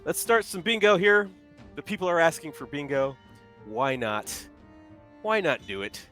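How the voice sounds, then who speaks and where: Male stream host, bright lively voice, chatty and upbeat, faint music under. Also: fairly high pitch, normal speed. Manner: upbeat, reads viewer redeems and chat aloud. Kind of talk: casual live-stream chat.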